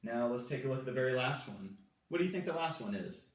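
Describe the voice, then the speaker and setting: A male Spanish teacher walking through verb forms at a whiteboard, slowly and patiently repeating each one. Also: medium pitch, expressive. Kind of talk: whiteboard grammar lesson. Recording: echoey room, mic far off.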